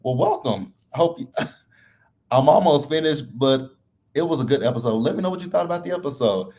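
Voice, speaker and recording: Guy doing a live reality show recap, super expressive voice, blunt and laughing. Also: medium pitch, brisk. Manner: blunt, animated and laughing often. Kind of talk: casual live commentary.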